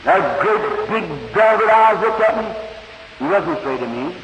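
A man preaching a storytelling sermon, impassioned and rambling, his pitch and volume surging. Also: animated, moderate pace, fairly bright tone. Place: church hall. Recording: hissy echoey 1950s tape from a hall.

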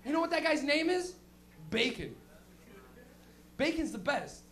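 A young man doing a loose, crude stand-up set on a comedy club stage with an animated storytelling manner. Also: very high-pitched, a little slow, slight background noise.

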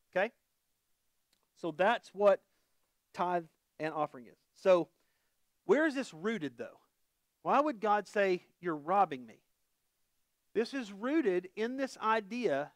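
A man's voice: sits high, no echo, studio quality. A middle-aged man preaching a conversational sermon as pastor, folksy and quizzing the congregation with questions.

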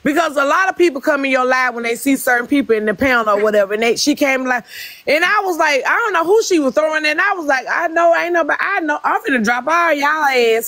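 A woman's voice: high voice, lively intonation, fast, fairly bright tone, no room sound. A woman chatting on a livestream, talkative and emotional, who admits she overtalks people. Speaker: livestream guest. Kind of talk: casual livestream chat.

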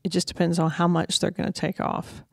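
A woman's voice: on the low side, level tone, fairly quick, creaky, darkish tone, slightly rough, dry recording, clean studio sound. A woman, hosting and telling a personal story in a candid, emotional, conversational way. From Georgia, USA. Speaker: host.

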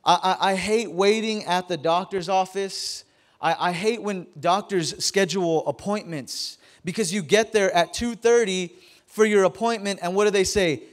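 A man's voice: high voice, normal speed. A man in his thirties preaching a casual, joking sermon to his congregation in a church, often stammering and repeating words. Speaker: pastor. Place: church sanctuary.

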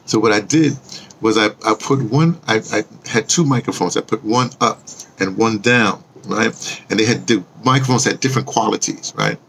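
A man's voice: lowish voice, moderate pace, creaky, a bit bright, a little hiss or hum. A man talking casually to viewers in a rambling monologue, restarting sentences often and teasing them with questions. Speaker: vlogger and audio drama producer.

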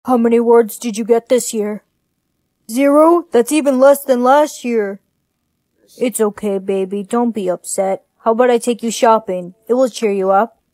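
A woman's voice: a little high, moderate pace, a little mellow, no room sound, clean studio sound, voice pushed down, natural voice. A woman playing a doting young boyfriend in a comedic skit, talking in a soothing, indulgent, coaxing way.

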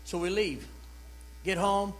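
A man, an evangelist telling his testimony in a church revival sermon, building from storytelling to shouted praise. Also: high voice, slow pace, slight background noise, rough recording.

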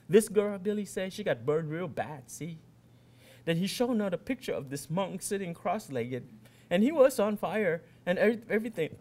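A man's voice: high voice, expressive, moderate pace, darkish tone. A man in his fifties, an author from Vietnam, reading his short fiction aloud in a first-person boy's storytelling voice.

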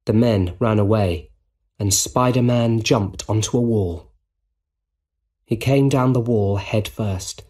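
A man narrating a simple story for English learners, reading clearly and deliberately. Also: on the low side, a little mellow.

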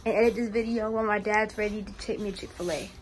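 A woman's voice: medium pitch, fairly even intonation, fast, a little hiss or hum. A teenage girl vlogging her school day to viewers on a phone camera, talking in a loose, slangy, chatty way. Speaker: student vlogger. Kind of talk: casual vlog chat to camera.

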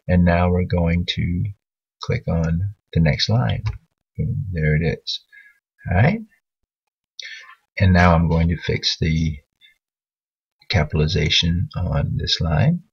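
A man's voice: deep voice, gravelly, slightly rough, muffled recording. A man teaching a writing lesson over a screen recording, patiently correcting a student's work as he thinks aloud.

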